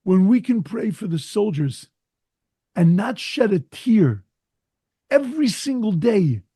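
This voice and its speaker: Husky, higher-voiced rabbi telling a story. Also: male voice, big pitch swings, slow pace, mellow, no echo. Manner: earnest, emphatic storyteller. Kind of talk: sermon with storytelling.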